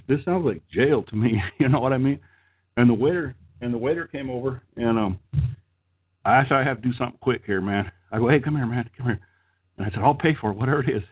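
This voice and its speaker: A middle-aged man telling a crude, rambling story in casual chat, swearing freely and laughing as he goes. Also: mid-range voice. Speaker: storyteller on a podcast. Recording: tinny phone-like line, husky.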